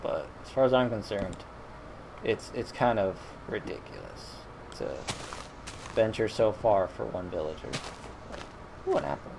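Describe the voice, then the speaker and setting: Low-pitched, gravelly and expressive, this streamer talks unhurriedly over his video game, rambling, catching his own mistakes often, and showing mild exasperation. Background noise can be heard.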